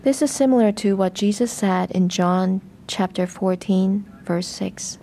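A woman reading a translated sermon in a measured, even way. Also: medium pitch, slight background noise. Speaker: voice-over reader of a sermon.

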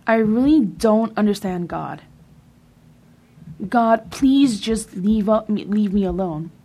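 A woman's voice: mid-range voice, expressive, slow, warm tone. A woman voicing a despairing young woman who cries out to God, in a sermon reading. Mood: anguished.

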